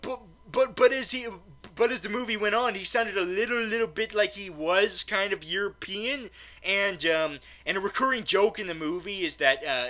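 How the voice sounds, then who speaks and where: Male reviewer, slightly high and bright tone, rambling stammery comic rant with casual swearing. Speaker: movie reviewer. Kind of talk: comedic rant-style movie review.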